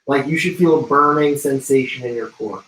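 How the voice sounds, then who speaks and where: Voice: medium pitch, moderate pace, a bit bright. Personal trainer, out of breath, livestream workout cues, roomy sound, distant mic. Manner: calls out intervals and cues, joking.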